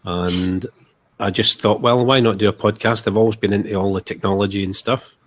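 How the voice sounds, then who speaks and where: A man, a guest in a casual chat, talking in a relaxed, modest way over a video call from his flat. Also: lowish voice, brisk. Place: flat at home.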